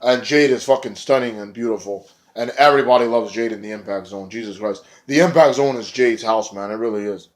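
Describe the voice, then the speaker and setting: A man rambling through a casual wrestling recap in a vlog, excitable and often swearing. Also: on the low side, a little fast, few pauses. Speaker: wrestling reviewer.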